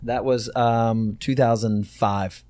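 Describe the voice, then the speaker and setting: A man's voice: mid-range voice, fairly even intonation, slow pace, darkish tone, dry recording, clean studio sound. A middle-aged man from Texas, a company co-founder, telling stories in a casual interview with many fillers and restarts.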